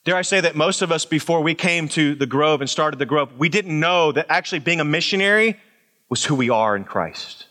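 A middle-aged pastor delivers a sermon in a high, bright voice. He talks expressively, climbing on his points and sinking into quiet, low remarks. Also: fairly quick. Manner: expressive, swings from loud emphatic highs to low quiet asides.

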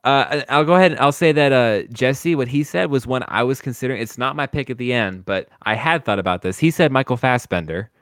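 A man hosting a casual podcast in a middle-pitched, unhurried voice. He steers the chat by reading out listener picks, and the sound is close and dry. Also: fairly bright tone, no echo. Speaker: podcast host. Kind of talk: casual fan discussion.

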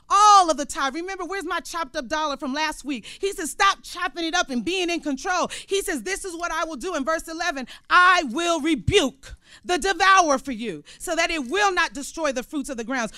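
A woman preaching a sermon, with call-and-response phrases and sudden loud emphasis. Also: extremely high pitch, dry recording.

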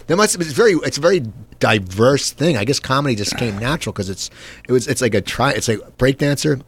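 Fast-talking male interview host. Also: medium pitch, animated, slight background noise. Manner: quick, joking, riffs on guest's stories. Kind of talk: casual interview.

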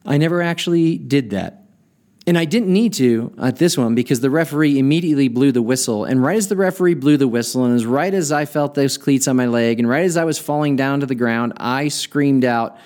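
A man hosting a podcast, telling a personal story in an earnest, reflective way and slowing down to stress key points. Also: medium pitch, a little mellow. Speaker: podcast host.

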